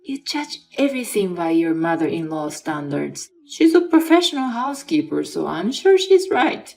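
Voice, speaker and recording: A woman's voice: lowish voice, sing-song, normal speed, gravelly, darkish tone, faint music behind. A woman voicing a young wife in a dramatized story, incredulous and sarcastic toward her husband. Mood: hesitant. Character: young wife with an injured arm, exasperated.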